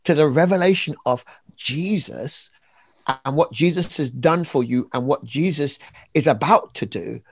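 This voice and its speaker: A man with a fairly high voice, talking in an animated, preacherly way. He leans hard on key words and acts out little scenes. It sounds like a conversation, not a sermon from a pulpit. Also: measured pace, breathy edge, no echo. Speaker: author and preacher being interviewed.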